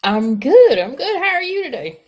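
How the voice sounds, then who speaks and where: A woman's voice: sits high, sing-song, normal speed, darkish tone. A woman guest on a video call giving a motivational talk, emphatic and repeating herself for effect. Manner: emphatic, repeats "okay?" and "stay with me". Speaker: guest speaker.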